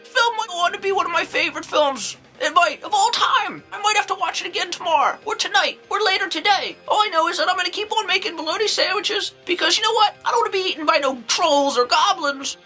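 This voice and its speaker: A woman's voice: very high voice, fast talker, hardly any pauses, sharp tone, soft background music, rough recording. A woman playing an eccentric, creepy old nun who rambles through a folksy, exclamatory movie review as a comedy monologue. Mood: rambling. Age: older.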